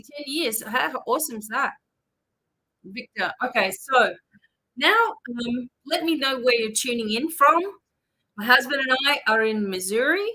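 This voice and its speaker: Slow-talking bright Australian woman. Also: sits high, rough recording. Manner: chatty, reads out viewer names and places, drawn-out fillers. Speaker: psychic reader hosting a live stream. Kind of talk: casual live-stream chat greeting viewers.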